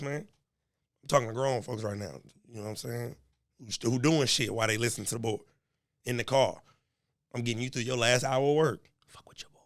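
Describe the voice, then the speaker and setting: With a slight cold making him a bit stuffy, this young solo podcaster from the American Midwest jokes around casually, cussing and addressing listeners directly. His medium-pitched voice is captured close and dry.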